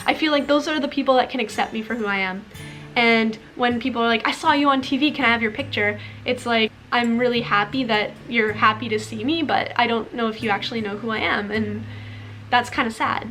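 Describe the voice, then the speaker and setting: A woman's voice: fairly high pitch, brisk, a bit bright, soft background music. A young woman speaking candidly to camera in a casual vlog, with a frank, conversational manner and frequent "like" fillers. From Canada. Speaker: YouTuber.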